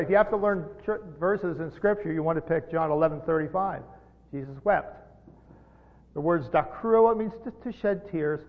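A middle-aged man preaching a sermon as pastor, earnest and halting, with repeated words, rising to emphatic peaks. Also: a little high. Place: church sanctuary. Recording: dull sound with long hall reverb.

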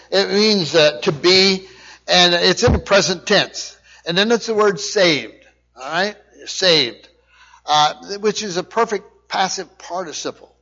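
A man's voice: sits high, fairly bright tone. A man preaching a sermon, repeating his points emphatically and checking in with his listeners. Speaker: pastor. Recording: dull lo-fi sound.

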